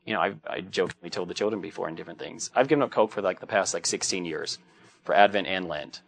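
A man's voice: low-pitched, fast talker, creaky. A middle-aged man, a Catholic priest, giving a conversational homily full of joking anecdotes. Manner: anecdotal and joking, acts out quoted voices.

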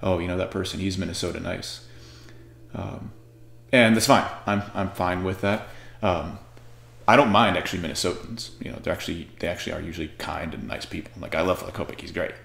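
A man's voice: deep voice, steady tone, fairly quick, creaky, a bit bright, echoey room. A man from Arizona talking in a rambling, joking casual monologue.

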